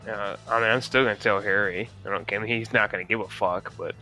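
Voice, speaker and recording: A man's voice: lowish voice, steady tone, fast, sharp tone, faint music behind. A man playing a tabletop game over an online voice call, talking casually with hesitant restarts. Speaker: player.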